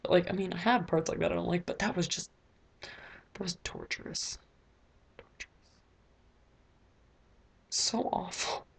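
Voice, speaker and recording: A teenage girl talks to her camera in a rambling video diary, filling her sentences with "like" and "um." Her voice sits a little low and carries a husky, fry-edged texture. She's recording close up in her own bedroom. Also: quick pace. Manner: rambling, lots of "like" fillers. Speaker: vlogger.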